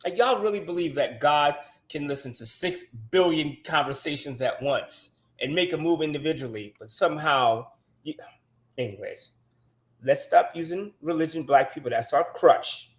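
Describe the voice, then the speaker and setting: An American man co-hosting a casual talk show, blunt and animated as he tells stories and answers comments. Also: on the high side, moderate pace. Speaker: podcast co-host. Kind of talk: casual chat.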